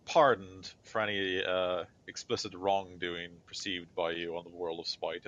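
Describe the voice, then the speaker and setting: A stern inquisitor judge, put on by a man, grills a witness with formal, clipped questions in a low voice. The sound is dull and lo-fi, like a home recording. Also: fairly bright tone. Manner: formal, interrogating. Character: stern male inquisitor judge presiding at a trial.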